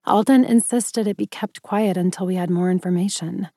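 A woman reading a guarded young witch in an audiobook, measured and explaining. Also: medium pitch, mellow, no echo, clean studio sound, lightly acted.

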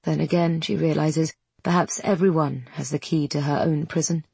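Woman narrating an audiobook, husky and low. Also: fairly even intonation, normal speed, a little mellow, dry recording.

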